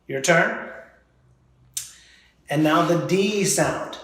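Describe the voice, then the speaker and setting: A man teaches a children's drama class, leading each warm-up at an unhurried pace and praising the students as they go. His voice sits a little high for a man. The recording rings with heavy echo from the room. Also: lively intonation. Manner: encouraging, models each drill for students to repeat. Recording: very echoey room.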